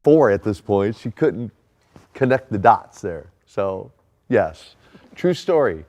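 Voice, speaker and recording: A man's voice: lowish voice, sing-song, takes it slowly, a little mellow, muffled recording. A man from Minnesota telling a family anecdote in an interview clip, chatty and amused. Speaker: interviewed wrestler in archive clip. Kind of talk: storytelling interview.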